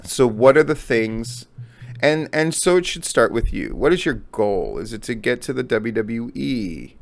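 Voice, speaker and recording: A man's voice: medium pitch, expressive, unhurried, creaky. A middle-aged man giving a blunt, profane solo commentary on wrestling news, repeating his points for emphasis. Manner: blunt and profane, heavy swearing.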